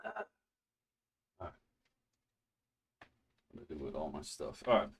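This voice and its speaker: A man's voice: a bass voice, big pitch swings, a little slow, gravelly, far from the mic, a little hiss or hum. A man hosting a casual study stream from home, chatty and loose, laughing and restarting his sentences as he talks. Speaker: streamer teaching a networking course.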